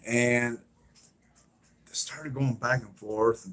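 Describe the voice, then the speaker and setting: Guy on a live stream retelling a tv scene, slow and rambly, lots of um and you know, bright voice. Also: mid-range voice, fairly even intonation. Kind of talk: casual live-stream chat.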